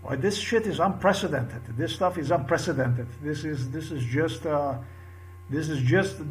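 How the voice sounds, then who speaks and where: A man's voice: on the high side, measured pace, soft background music. A man delivering an angry, repetitive monologue to camera, full of heated crude outbursts. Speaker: vlogger.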